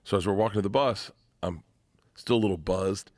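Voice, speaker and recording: Fast-talking man telling a wild story. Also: fairly low pitch, no echo, studio quality. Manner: rambling, animated anecdote, swears freely. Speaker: comedian podcast guest. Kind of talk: comic storytelling. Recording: played podcast clip.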